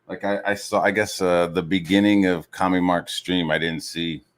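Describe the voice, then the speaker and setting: Streamer, male, deeper voice, heated swearing rant, mocks others. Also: flat delivery, moderate pace. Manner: heated, swears constantly, full of fillers. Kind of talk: profane rant.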